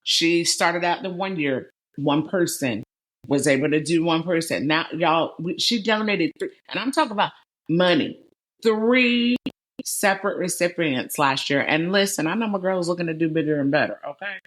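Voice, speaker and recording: A woman's voice: fairly low pitch, normal speed. A middle-aged woman hosting an interview podcast, talking animatedly and calling her listeners "y'all". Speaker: podcast host. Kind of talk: conversational interview.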